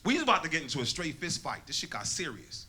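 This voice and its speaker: A man's voice: on the high side, wildly swooping pitch, fast talker, bright, forceful tone, husky. A man from Connecticut doing a stand-up set, telling stories in loose, profane slang. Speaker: stand-up comedian. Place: comedy club stage. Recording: live club crowd with laughter.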